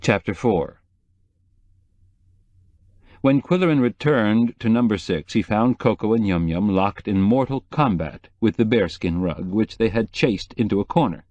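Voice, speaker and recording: A man reading a cozy mystery audiobook in measured, even scripted narration. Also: lowish voice, no echo, lo-fi sound.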